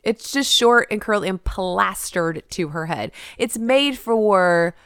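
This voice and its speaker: A woman's voice: mid-range voice, lively intonation, takes it slowly, fairly bright tone, clean tone, no room sound, studio quality. A woman co-hosting a podcast in casual chat, wry and sarcastic, often laughing. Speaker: podcast co-host.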